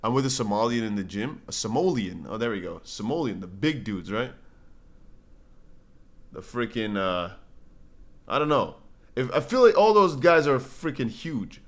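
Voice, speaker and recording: A man's voice: medium pitch, big pitch swings, normal speed, pauses often. A man hosting a casual crypto livestream, rambling and slangy, reading viewer comments aloud and answering them. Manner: slangy, says bro and brother a lot.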